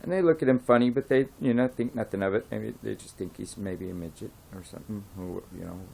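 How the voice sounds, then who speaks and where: A man's voice: lowish voice, fast, creaky, slight background noise. Rambling man telling a pub joke. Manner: rambling, many fillers and restarts, often soft-spoken. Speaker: joke teller.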